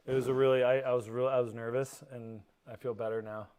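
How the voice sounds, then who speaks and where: A man guesting on a casual show, talking in halting, self-correcting bursts with a joking streak. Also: mid-range voice, flat delivery, a little mellow, clear, resonant tone. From Wisconsin. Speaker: guest frame builder. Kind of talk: casual chat.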